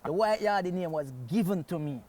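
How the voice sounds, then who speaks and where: A man's voice: high voice, fairly quick. A man from Jamaica with a Jamaican accent, a guest comedian telling stories in casual chat and slipping into patois phrasing. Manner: animated storyteller, slips into Jamaican patois phrasing.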